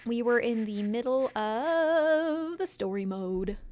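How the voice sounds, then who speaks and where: A woman's voice: fairly high pitch, lively intonation, slow pace, a little mellow. Chatty giggly woman streaming a game. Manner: chatty, giggly, self-mocking. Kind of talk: casual gameplay commentary. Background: faint background music.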